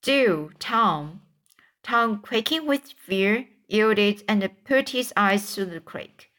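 Slowly, a woman with a mid-range and somewhat bright voice reads a kids' storybook aloud for an audiobook. Her reading is halting, full of stumbles and restarts.

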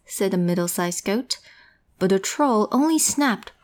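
A woman's voice: medium pitch, animated, measured pace. Woman, storyteller, playful, reading aloud to a child, questioning. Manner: playful, asks questions, switches languages. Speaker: bilingual storyteller.

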